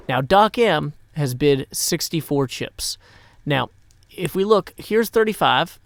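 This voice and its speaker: A man's voice: fairly high pitch, no room sound. A man from Nashville, Tennessee, hosting a casual live game stream, playful with rhyming asides, tired after a long day. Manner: playful, rhyming asides and quick number-talk.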